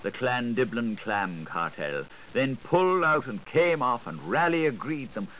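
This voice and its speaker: A man's voice: mid-range voice, very animated, a little slow, a bit bright, slight background noise, poor audio. A man giving a dramatic literary reading in a playful, rhythmic, sing-song manner. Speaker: reader.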